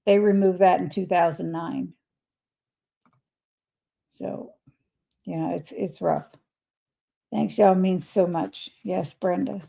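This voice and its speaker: A woman's voice: medium pitch, gravelly, poor audio. An older woman hosting a casual livestream, reading viewer comments aloud and replying to them in a chatty way. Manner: chatty, reads messages aloud and replies warmly. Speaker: livestream host.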